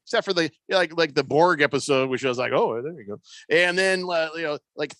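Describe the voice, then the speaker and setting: A man with a bright, forceful voice co-hosts a sports radio show. He rambles through chatty stories in loose banter. His voice is a little high and sounds close and dry on the studio mic. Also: a little fast, no echo.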